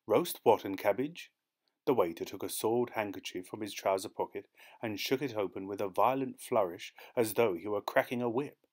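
A man reading a short story aloud as an audiobook narrator, steady and measured. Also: on the low side.

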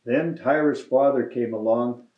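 Man slowly reading a children's story. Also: medium pitch. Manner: slow, deliberate storytelling. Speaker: mayor reading to students. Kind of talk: storybook read-aloud. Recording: roomy, slightly dull recording.

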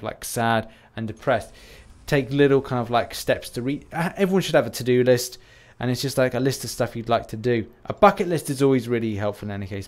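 A British man talking casually over game footage as a YouTuber, rambling and jokey, making fun of himself. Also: medium pitch. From United Kingdom. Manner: rambling, self-deprecating, jokey. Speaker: gaming YouTuber.

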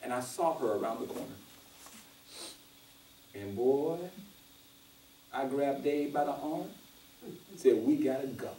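Heard from a distance in a roomy church, a man preaches slowly with long pauses, his voice medium in pitch, over slight background noise. The pastor's sermon is conversational and full of stories, and he animatedly acts out quoted voices in a casual dialect as the congregation responds.

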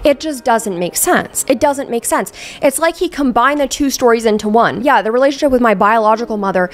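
A woman's voice: a little high, brisk. A young woman hosting a casual commentary vlog, talking candidly and emphatically and swearing freely. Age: young adult. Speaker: commentary YouTuber.

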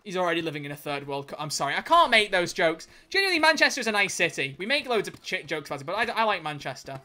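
A man chatting casually on a livestream, reading chat aloud, joking and swearing with quick self-corrections. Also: high-pitched, sing-song, sharp tone.

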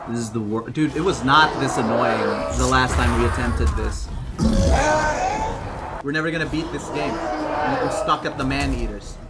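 A young man giving gameplay commentary who often yells, screams and swears at the game. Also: mid-range voice, moderate pace, heavy background noise. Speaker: gaming video host. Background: loud music.

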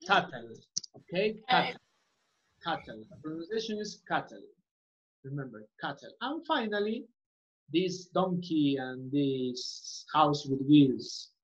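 This online English lesson comes from a woman whose low voice is very animated and a little slow. Words get repeated, and she often checks understanding with "okay?" The recording sounds muffled and lo-fi.

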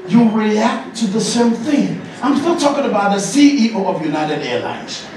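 A man giving an animated, joking masterclass as a leadership coach, often laughing and shouting. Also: high-pitched, normal speed. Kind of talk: lively masterclass talk to an audience. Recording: echoey hall, distant mic, noisy.

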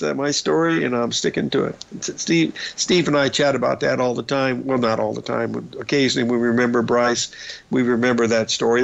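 A man's voice: mid-range voice, vocal fry. An older man hosting a market radio show, rambling through trading anecdotes with plenty of fillers. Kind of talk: casual storytelling on a market show. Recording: dull lo-fi broadcast audio.

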